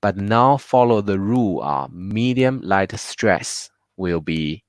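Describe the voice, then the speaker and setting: A man's voice: deep voice, animated, a little slow, hardly any pauses, dry recording. A man teaching a live online class, patiently drilling words aloud with many fillers. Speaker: Mandarin teacher. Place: home.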